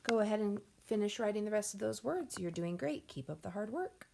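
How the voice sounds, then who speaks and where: A woman teaching a phonics lesson to young children, sounding out words slowly and clearly and encouraging the class. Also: medium pitch, expressive, noisy background. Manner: encouraging, addresses class as friends.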